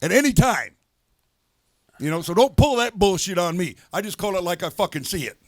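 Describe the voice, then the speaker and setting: A man's voice: high voice, expressive, a little fast, dry recording, clean studio sound. An older man, a military veteran, co-hosting a podcast in blunt, profane, heated casual talk. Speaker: podcast co-host.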